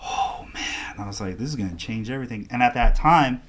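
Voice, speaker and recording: Speaking fast in a mid-range voice, an artist appearing as a podcast guest tells a casual story. He brings it to life by performing the lines of the other people involved.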